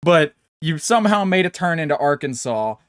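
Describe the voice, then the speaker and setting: A man's voice: a little high, normal speed, no echo, studio quality. Rambling, profane young man on a podcast. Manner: rambling, profane, animated, puts on comic voices. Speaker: podcast co-host. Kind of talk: casual banter, storytelling with silly voices.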